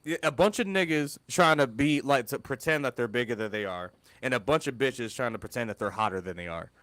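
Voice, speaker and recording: A man's voice: medium pitch, a little fast, no room sound. A man co-hosting a podcast, telling stories animatedly in casual, profane banter. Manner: animated storyteller, profane, mimics people. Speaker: podcast co-host.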